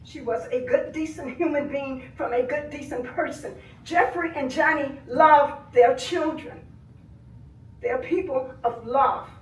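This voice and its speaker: An older woman giving impassioned public comment at a board meeting, swinging between soft grief and loud anger. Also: sits high, unhurried. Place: village board meeting room. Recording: echoey room, voice from far off.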